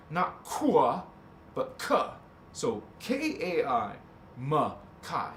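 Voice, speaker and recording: A man's voice: on the high side, a bit bright, roomy sound, slight background noise. A man hosting a spiritual livestream, musing aloud, joking and swearing as he sounds out a word. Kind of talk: rambling livestream chat.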